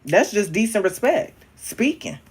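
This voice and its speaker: A young man chatting casually on a livestream, frank and profane, calling viewers honey and babe, his voice jumping up and down in pitch and loudness. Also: sing-song, a little slow, slight background noise. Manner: talks directly to viewers, calling them honey, babe and queen. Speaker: livestreaming social media creator.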